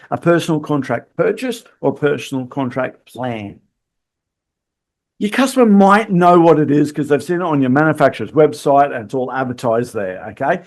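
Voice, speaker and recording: A sales trainer hosting a podcast delivers a monologue, playing out short exchanges between customer and salesperson to coach his listeners. His voice sits on the high side with a darkish tone.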